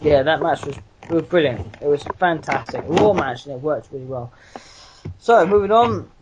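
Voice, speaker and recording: A man's voice: a little high, animated, normal speed, noisy background. A man co-hosting a casual wrestling podcast, rambling, swearing and laughing a lot. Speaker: podcast co-host. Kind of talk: casual chat.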